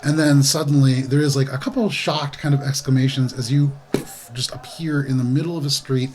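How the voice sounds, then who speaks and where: A man's voice: mid-range voice, steady tone, a little fast, background noise. A man running a tabletop game as game master, describing scenes in a loose, casual way full of fillers.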